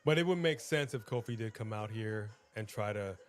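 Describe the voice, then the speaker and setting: Excitable man co-hosting a watch-along. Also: on the low side, normal speed. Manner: excitable, exclaims often. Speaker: co-host of a wrestling watch-along. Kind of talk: casual excited chat.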